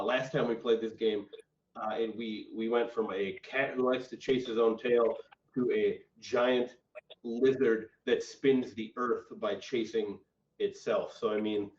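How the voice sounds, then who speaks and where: A man hosting an improv game online and telling a story in a relaxed, rambling way over a video call. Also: mid-range voice, unhurried. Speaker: improv host. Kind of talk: casual storytelling. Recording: dull echoey audio from far off.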